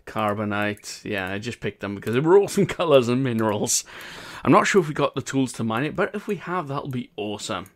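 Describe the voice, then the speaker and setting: A man's voice: medium pitch, very animated, a little fast. Chatty Welsh man streaming a game. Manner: chatty, upbeat, laughs often. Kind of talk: casual live-stream chat.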